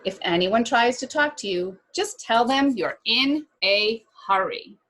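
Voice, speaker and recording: A woman's voice: on the high side, expressive, measured pace, a bit bright, low-quality recording. A woman voicing a mother giving firm, cautioning instructions in a children's story read aloud.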